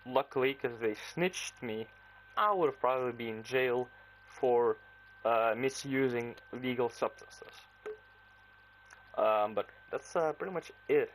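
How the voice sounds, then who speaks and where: A man's voice: medium pitch, measured pace, a little hiss or hum, poor audio. A man with an Antwerp Flemish accent telling a casual storytime, rambling and packed with "like" and acted-out dialogue. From Belgium, Antwerp. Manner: rambling, full of "like" and quoted dialogue. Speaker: vlogger.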